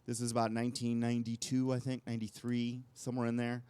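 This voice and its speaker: A man's voice: medium pitch, monotone, fast, warm tone, smooth. A man co-hosting a talk show, telling long rambling anecdotes in casual conversation. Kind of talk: casual storytelling chat.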